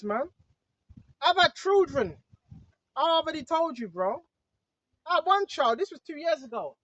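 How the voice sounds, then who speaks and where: This high-pitched, fairly bright voice belongs to an online preacher who preaches casually, hammering points home and repeatedly checking in with whoever is listening. There's no echo, though the audio is dull and lo-fi.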